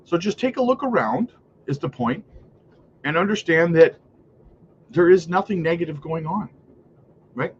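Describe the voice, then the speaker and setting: Brief: male live-stream host, fairly high voice, upbeat and chatty, slightly dull lo-fi audio. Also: expressive, moderate pace, pauses often, slight background noise. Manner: upbeat, chatty, tags lines with "right?" and "guys". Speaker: crypto livestream host. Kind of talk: casual livestream commentary, reading chat. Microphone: streaming setup mic.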